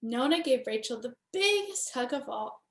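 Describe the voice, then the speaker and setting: A woman, a cantor, gently and expressively reading a children's bedtime story aloud. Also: high voice, expressive, normal speed.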